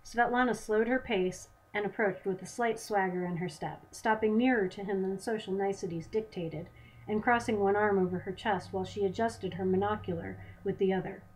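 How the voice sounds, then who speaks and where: A woman's voice: mid-range voice, a little mellow, slight background noise, low-quality recording. Woman author reading her novel aloud.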